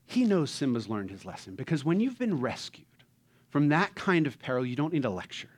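Animated preacher, man. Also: mid-range voice, brisk, breathy edge. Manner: animated, acts out movie characters, swings from loud to hushed. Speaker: pastor. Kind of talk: sermon.

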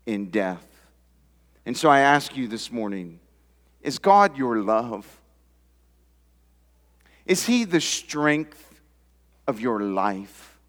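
A man preaching a sermon as pastor, with emphatic swells in pitch and volume. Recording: long hall reverb.

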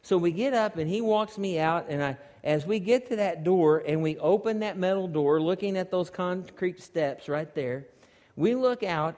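A man preaching a sermon, telling a story with animated energy and climbing almost to shouts at its peaks. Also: on the high side. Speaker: pastor. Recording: long hall reverb.

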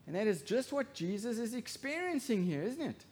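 Male pastor, high voice, sermon, emphatic, hushed then loud, rhetorical questions. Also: sing-song, moderate pace, few pauses.

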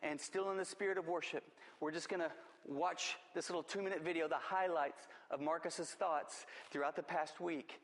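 Emphatic preacher in a reverberant church. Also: male voice, a little high, fairly even intonation, normal speed, a bit bright. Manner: emphatic preaching with repeated phrases. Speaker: pastor. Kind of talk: sermon.

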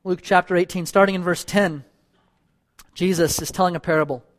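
A man's voice: high voice, steady tone, fairly quick. A man preaching a sermon as a church elder, earnest and pleading, repeating phrases for emphasis and closing in prayer. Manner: ends in a spoken prayer.

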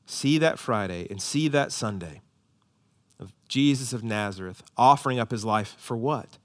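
A man preaching a sermon, swinging between hushed, low emphasis and loud, high-pitched exhortation. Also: animated, normal speed. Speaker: pastor.

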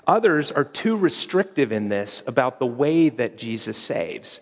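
A man's voice: mid-range voice, very animated, a little slow, few pauses. A man preaching a sermon in a conversational teaching manner, quoting scripture as he explains it. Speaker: pastor. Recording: long hall reverb.

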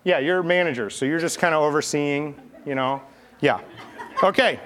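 Fairly high and fairly bright, this man's voice moves at a fairly quick clip. He's a pastor giving a children's message, playfully chatting through a Bible story and coaxing the young volunteers he's directing.

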